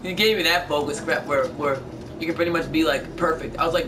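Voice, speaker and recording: A man's voice: fairly high pitch, steady tone, fairly quick. A man streaming a game, chatting casually and telling stories in a rambling, stumbling way with many restarts. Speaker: gameplay streamer. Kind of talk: casual chat while gaming. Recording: distant mic with background noise.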